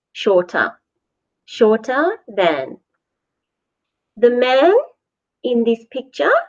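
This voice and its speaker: A woman teaching English grammar at a slow, deliberate pace, from New Zealand, repeating each word clearly for learners. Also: mid-range voice, darkish tone. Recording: dull lo-fi recording.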